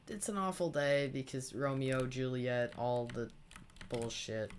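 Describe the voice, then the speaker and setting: A teenage boy hosting a gaming channel tells a rambling, sarcastic, swear-filled story while he plays. His male voice is medium-pitched with fairly even intonation and a measured pace, over a little hiss or hum.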